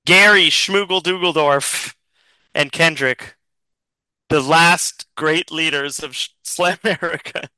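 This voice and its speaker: A man narrating a tabletop game as game master in a slow, deadpan way. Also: on the high side, clean tone, no room sound, poor audio.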